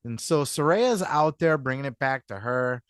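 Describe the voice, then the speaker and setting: A man's voice: mid-range voice, expressive, normal speed, a bit bright, clean tone, no echo, studio quality. A man hosting a podcast, talking in a rambling, casual commentary style with lots of "you know what I mean" and some swearing. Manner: acts out quotes in mock voices. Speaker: podcast host.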